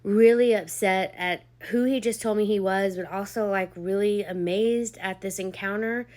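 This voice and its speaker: A woman's voice: mid-range voice, steady tone, normal speed, darkish tone. A young woman telling a personal testimony to camera in a casual, chatty way, full of "like" and "um", who gets emotional as she speaks. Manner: chatty, heavy on "like" and "um", acts out quoted dialogue. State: emotional, near tears at points. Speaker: vlogger sharing a personal testimony.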